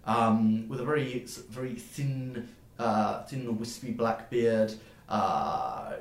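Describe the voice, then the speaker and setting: A man narrating a tabletop game as game master, in a halting way, with many fillers and restarts. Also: mid-range voice. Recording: roomy echo.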